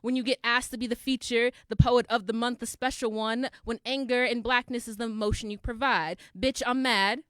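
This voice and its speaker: A woman's voice: fairly high pitch, steady tone, normal speed, hardly any pauses, fairly bright tone, no echo, studio quality. A young adult woman performing spoken word poetry at an open mic, with rhythmic, emphatic delivery and call and response with the crowd.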